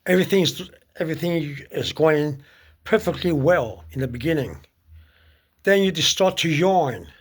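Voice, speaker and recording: A man giving casual spoken advice on prayer, halting often with fillers and restarts. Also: a little high, animated, breathy edge. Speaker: speaker giving religious advice.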